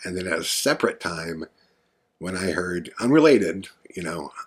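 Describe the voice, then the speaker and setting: A man's voice: low voice, lively intonation, normal speed, breathy edge. A man hosting a podcast, telling a story in a rambling, earnest, conversational way with lots of fillers. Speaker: podcast host. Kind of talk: casual storytelling monologue.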